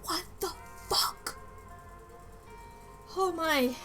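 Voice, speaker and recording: High bright-voiced woman streamer. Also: faint music behind. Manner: stunned, drawn-out reactions. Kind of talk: live gameplay commentary.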